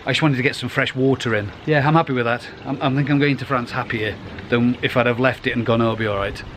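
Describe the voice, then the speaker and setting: A middle-aged man talks casually beside his pond outdoors. His voice sits at a middle pitch, and he rambles along, restarting half his sentences. Faint outdoor noise runs underneath. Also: steady tone, fast, a bit bright. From United Kingdom. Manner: rambling and chatty, restarts phrases. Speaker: koi pond vlogger. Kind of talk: casual vlog.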